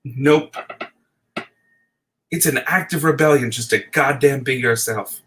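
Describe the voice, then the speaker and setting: A man's voice: medium pitch, normal speed, fairly bright tone, a little hiss or hum, poor audio. A middle-aged man delivering an impassioned, profane late-night rant, at times teary. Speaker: video essayist.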